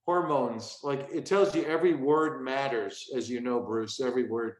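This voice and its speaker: A man's voice: medium pitch, normal speed. Comedian in his 60s, echoey room. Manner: acts out bits of his old stand-up act mid-story. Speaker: stand-up comedian guest. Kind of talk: storytelling interview.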